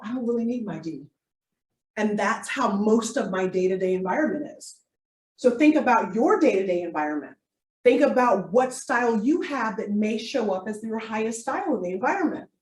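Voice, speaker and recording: A woman giving a live workshop as a coach, animated and playful, with comic asides to her audience. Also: on the high side. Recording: echoey room, distant mic.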